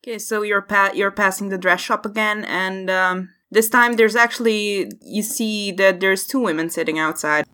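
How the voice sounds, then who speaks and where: A woman's voice: medium pitch, moderate pace, hardly any pauses, sharp tone. A woman running a tabletop game as game master, casual and laughing.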